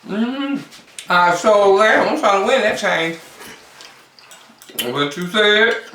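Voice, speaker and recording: A woman vlogger chatting casually to camera between bites, often pausing on long hums. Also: mid-range voice, expressive, fairly bright tone, slight background noise. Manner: chatty, talks between bites with drawn-out mms. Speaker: mukbang vlogger. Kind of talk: casual eating chat to camera. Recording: roomy sound from a distance.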